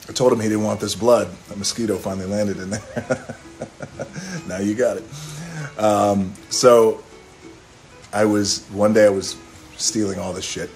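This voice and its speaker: A low-voiced middle-aged man rambles through a story on a phone live stream, relaxed and casual. He curses offhandedly and now and then bursts into a snatch of song. Faint music plays underneath. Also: slow pace, long pauses. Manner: laid-back, rambling, swears casually, breaks into singing. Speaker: livestream host telling a story. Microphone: phone camera.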